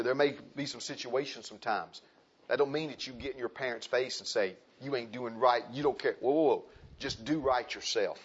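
A male preacher delivers a sermon, shifting between quiet asides and loud, high exhortation. His voice has a breathy edge, and the sound is lo-fi.

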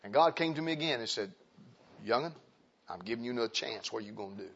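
A middle-aged man, preaching a sermon in church, dropping to quiet testimony and rising to loud, high exhortation. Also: expressive, fast, creaky. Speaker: pastor. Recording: dull lo-fi sound.

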